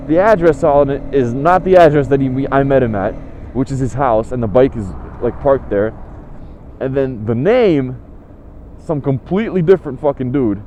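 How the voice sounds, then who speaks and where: A man's voice: medium pitch, warm tone, a little hiss or hum. A young man telling a story in a profane, exasperated, sarcastic rant. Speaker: motorcycle vlogger.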